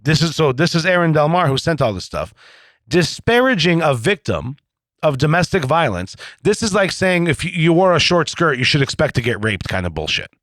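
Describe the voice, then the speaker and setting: A man's voice: fairly high pitch, very animated, brisk, fairly bright tone, dry recording. A man hosting a political podcast interview, talking bluntly and animatedly with plenty of profanity. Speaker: podcast host.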